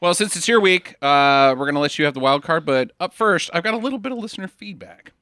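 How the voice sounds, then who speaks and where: Jokey podcast host dude, lively voice, kinda high. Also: male voice, fast talker, clear, resonant tone, no room sound, clean studio sound. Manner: upbeat, jokey. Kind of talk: casual chat.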